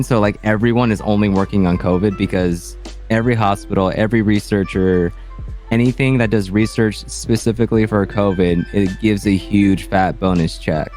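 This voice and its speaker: A man's voice: fairly low pitch, normal speed, darkish tone, soft background music. A man in a casual podcast chat, talking bluntly and swearing offhand. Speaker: podcast co-host.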